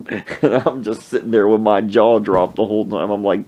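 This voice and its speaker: A man hosting a podcast, telling funny anecdotes in a casual, animated way and acting out the people in them. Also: on the low side, normal speed, muffled recording, a little hiss or hum. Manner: animated anecdote telling with acted-out sneezes and voices. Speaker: podcast host. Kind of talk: casual storytelling.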